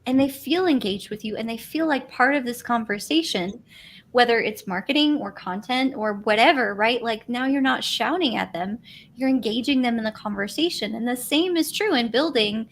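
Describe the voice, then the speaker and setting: A woman's voice: on the high side, expressive, moderate pace, a little hiss or hum. A woman guest on a live stream talking about branding, enthusiastic and conversational. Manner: enthusiastic, conversational, says "like" often. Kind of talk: casual live stream interview. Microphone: video call.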